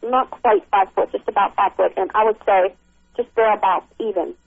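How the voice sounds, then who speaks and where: A middle-aged woman tells a frightening encounter over a tinny phone line, her voice gravelly and her speech halting, full of restarts. The line sounds dry and close. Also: medium pitch, steady tone, dry recording, faint music behind. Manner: halting, with many restarts and fillers. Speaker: caller recounting an encounter. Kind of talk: emotional first-person account.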